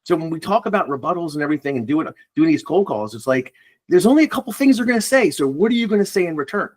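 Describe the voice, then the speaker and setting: A man's voice: fairly high pitch, very animated, fast talker, a little mellow. A man who is a recruiter, chatting casually and bluntly, swearing and acting out phone calls. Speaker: recruiter guest. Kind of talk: casual podcast chat.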